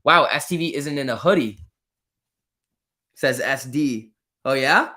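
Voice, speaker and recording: A man's voice: medium pitch, a little slow, pushed and bright. Male stream host, mid-range voice, casual, joking, talks straight to chat. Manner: chatty, reads viewer comments aloud and answers them; joking, lightly teasing. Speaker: livestream host.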